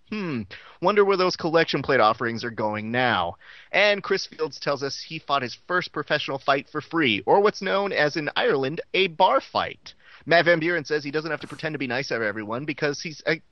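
Sarcastic man with a lively, high voice. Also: dry recording, lo-fi sound. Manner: sarcastic and profane. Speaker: podcast host recapping a show. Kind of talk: comedic recap.

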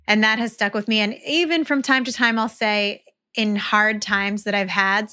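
A woman in her thirties co-hosting a podcast, talking in a relaxed, reflective way about spiritual signs and advice, often restarting her thoughts. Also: medium pitch, clean tone. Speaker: podcast co-host. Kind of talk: casual conversational podcast chat.

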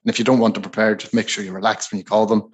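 A man co-hosting a podcast, giving sales advice in a relaxed, rambling, conversational way. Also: lowish voice, rapid-fire, breathy edge. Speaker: podcast co-host.

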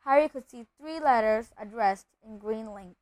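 A woman with a fairly high voice reads a children's novel aloud at a steady pace. She sometimes stumbles and restarts a phrase. The recording is dry and close, with no room sound. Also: normal speed, dry recording, low-quality recording. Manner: steady reading with occasional slips and restarts. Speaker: reader.

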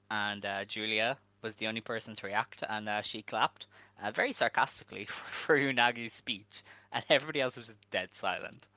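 A man's voice: mid-range voice, pushed and bright, dry recording. Man telling a story casually. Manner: storytelling with many fillers, laughs through. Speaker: podcast co-host. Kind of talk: casual chat.

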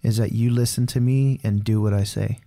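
A man's voice: on the low side, fairly even intonation, fairly quick, vocal fry, mellow. A man co-hosting a casual faith podcast, talking candidly and rambling, with lots of fillers like "dude" and "man.". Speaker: podcast co-host.

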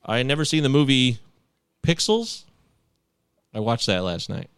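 Lively dry-voiced man hosting. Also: medium pitch, normal speed, smooth, dry recording. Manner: laughs often, conversational. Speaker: podcast host. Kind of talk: casual sports chat.

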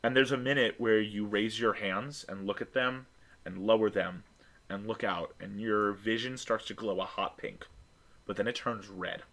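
A man's voice: fairly low pitch, steady tone, moderate pace, a bit bright. A man narrating a tabletop game as game master, descriptive and restarting often.

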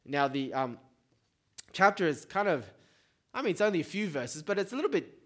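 A man preaching a sermon in a relaxed, conversational way, often checking in with the congregation. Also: high-pitched, fairly quick. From Australia. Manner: informal, keeps checking in with "right?".

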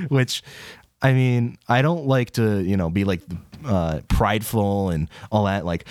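A man's voice: sing-song, measured pace, dry recording, studio quality. A young man, a college student, co-hosting a podcast and telling a long story with swearing and laughter. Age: young adult. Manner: rambling storyteller, swearing, laughing, voice jumps high in quotes. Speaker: podcast co-host. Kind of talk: casual chat.

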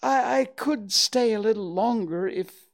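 A man performs a slow, simple-minded storybook bear, with a high, gravelly voice that lingers over every word. Sounding hesitant, he trails off and often opens lines with a little "uh."

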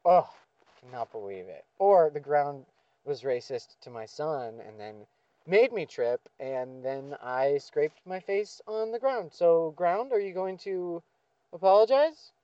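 A man's voice: on the high side, animated, unhurried, no echo, dull audio. A man venting in a profane, sardonic monologue, with frequent swearing and sighs. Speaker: vlogger.

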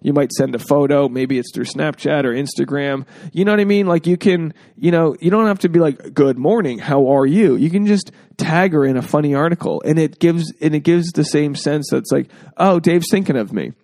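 A man's voice: on the high side, steady tone, fairly quick, gravelly, hardly any pauses, darkish tone, dry recording. A man hosting a casual podcast, joking freely and acting out quotes in exaggerated voices. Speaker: podcast host.

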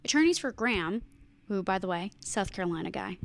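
A woman's voice: medium pitch, expressive, fairly quick, vocal fry. A young adult woman co-hosting a podcast. She reads news items and breaks in with casual, sarcastic asides. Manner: chatty, sarcastic asides, heavy "like" filler. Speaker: podcast co-host.

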